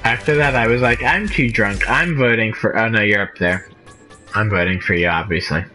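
Drunk canadian man, bright tense voice, gamer rambling over faint game music. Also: fairly low pitch, normal speed, low-quality recording. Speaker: gamer streaming with friends. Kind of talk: casual chat while playing.

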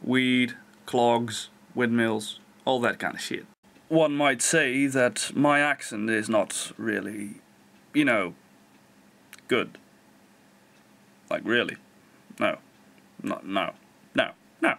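Young dutch guy vlogging, slow and rambly, lots of ums, making fun of himself. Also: mid-range voice, vocal fry, fairly bright tone. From Netherlands. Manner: rambling, self-mocking, many fillers. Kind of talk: casual rambling vlog.

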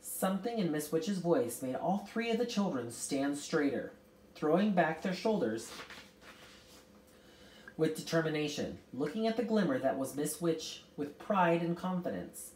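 A woman's voice: deep voice, animated, measured pace, a little mellow, slight background noise. A woman reading a novel aloud, narrating expressively with occasional slips. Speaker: reader. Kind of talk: audiobook narration. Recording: roomy, distant mic.

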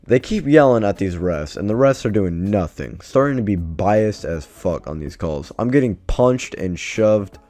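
Low-voiced man telling a profane story. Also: animated, normal speed, hardly any pauses, dark tone, no room sound. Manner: profane, exasperated, rambling. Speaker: vlogger. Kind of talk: casual storytime.

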